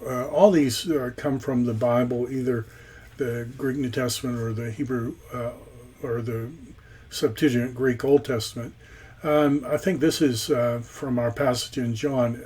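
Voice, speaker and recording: A man gives a recorded grammar lesson at a slow, unhurried pace. His voice is a little husky, sitting at a middle pitch, and he often stops on ums and uhs between phrases. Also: a little mellow. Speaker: Greek teacher. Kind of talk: recorded lecture.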